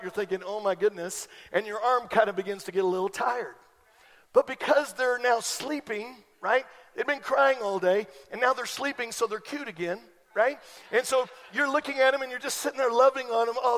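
High-voiced preacher in a reverberant hall. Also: male voice, brisk. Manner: animated preaching with rising emphatic peaks. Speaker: pastor. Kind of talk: sermon. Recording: long reverb of a large hall.

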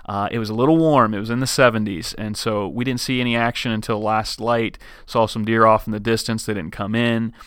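Male podcast host, easygoing chat, bright and crisp, dry close mic. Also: lowish voice, fairly quick, few pauses, dry recording. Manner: chatty, relaxed, with fillers and restarts. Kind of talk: casual podcast monologue.

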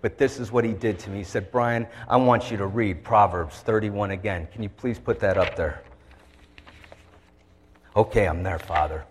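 A man's voice: fairly low pitch, steady tone, brisk, hardly any pauses, long reverb tail. A man preaching an emotional sermon, telling his story with feeling and acting out a conversation with God. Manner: heartfelt, voice shifting to act out a dialogue with God.

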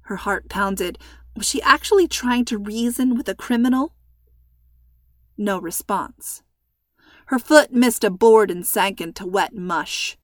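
A woman narrating a story in an expressive, tense reading. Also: medium pitch, a little slow, dry recording, studio quality.

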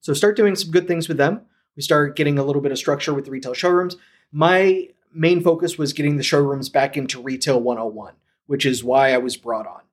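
A man from St. Louis telling his story as a podcast guest, animated and acting out the lines of people he quotes. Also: a little high, brisk. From St. Louis, USA. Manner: animated, acts out quoted dialogue. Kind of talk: casual storytelling.

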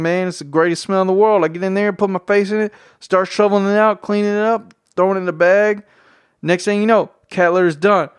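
A young man from Tennessee with a Southern drawl, talking excitedly and loosely in a casual motivational vlog. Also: high voice, smooth, no echo, studio quality. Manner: excitable, slangy, repeats himself. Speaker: vlogger.

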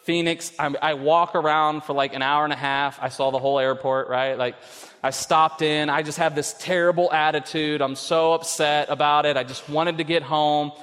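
A middle-aged male pastor preaching a sermon, telling a story and then pressing his point with loud emphasis. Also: a little high, fairly even intonation, normal speed. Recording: long reverb of a large hall.

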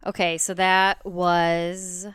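A woman's voice: lowish voice, level tone, extremely slow, fairly bright tone, clear, resonant tone, no echo, studio quality. A woman stand-up comedian as a podcast guest, talking candidly and self-deprecatingly, laughing easily. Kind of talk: casual interview chat.

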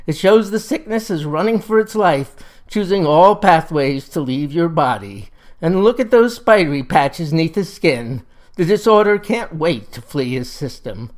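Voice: medium pitch, animated, measured pace, close to an everyday voice. A storyteller voicing a cranky, wizened old backwoods woman healer who talks in a tart, folksy way. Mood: matter-of-fact. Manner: tart, suspicious, folksy country talk.

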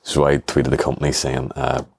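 A man's voice: rumbling low, monotone, moderate pace, vocal fry, slightly rough, no echo, clean studio sound. A man hosting a show, rambling through comic, self-mocking stories and acting out the other people in them. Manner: rambling, self-mocking, acts out voices in quotes. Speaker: podcast host. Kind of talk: comic storytelling monologue.

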